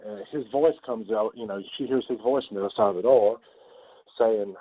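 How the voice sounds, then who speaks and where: A low-voiced man hosts a casual film podcast, swearing freely as he retells scenes. The sound is thin and tinny, like a phone line. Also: fairly quick. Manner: swears a lot, animated retelling. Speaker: podcast host. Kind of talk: casual movie discussion.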